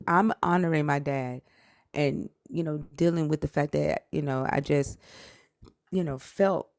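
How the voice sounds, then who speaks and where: A woman with a deep voice and a gravelly edge recounts a painful story in casual, rambling talk. She is blunt and emotional and swears freely, circling back and restarting as she goes. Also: a little slow, dry recording, clean studio sound. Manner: rambling with restarts and quoted outbursts. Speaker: live stream guest.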